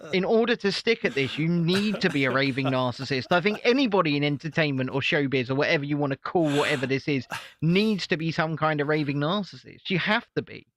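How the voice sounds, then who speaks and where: A man's voice: fairly high pitch, lively intonation, brisk, fairly bright tone. A man from Britain co-hosting a casual comedy chat show, earnest and opinionated with dry quips. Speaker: podcast co-host and YouTuber.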